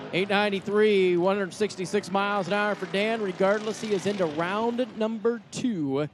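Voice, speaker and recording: High-pitched, excitable drag strip announcer. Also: male voice, background noise. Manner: excitable, folksy, quick to joke. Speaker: track announcer and assistant general manager. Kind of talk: live drag racing commentary. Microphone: hand-held announcer mic.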